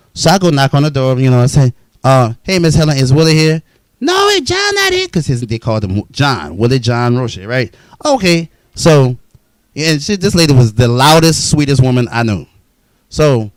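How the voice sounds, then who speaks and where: A man's voice: a little high, no echo, rough recording. A man telling his own life story in a blunt, profane, heated monologue.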